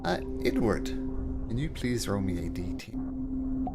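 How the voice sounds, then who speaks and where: A man narrating as game master, halting and full of fillers. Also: on the low side, very animated, loud music behind the voice.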